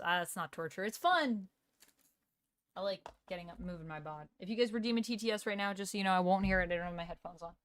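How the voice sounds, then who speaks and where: A woman's voice: mid-range voice, fairly bright tone, no echo. Woman streamer, mid-range voice, upbeat, playful chat with viewers, close dry sound. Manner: chatty, thanks viewers and reads chat aloud; upbeat and playful, laughs often. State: moving around during exercise. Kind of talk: casual live-stream chat.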